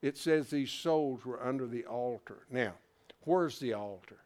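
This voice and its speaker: A man teaching a Bible class, animated, who keeps asking rhetorical questions and restarting his words as he thinks aloud. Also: mid-range voice, unhurried.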